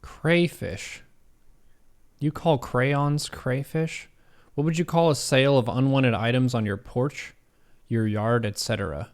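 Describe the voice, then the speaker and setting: A man's voice: mid-range voice, steady tone, takes it slowly, long pauses. Man thinking aloud through a quiz. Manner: reads quiz questions aloud and muses over answers. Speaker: streamer. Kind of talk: casual livestream commentary.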